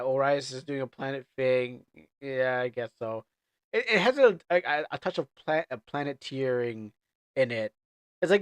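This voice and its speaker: A man's voice: a little high, no echo. A man streaming a game live and chatting casually, rambling, stammering and repeating his words as he thinks aloud.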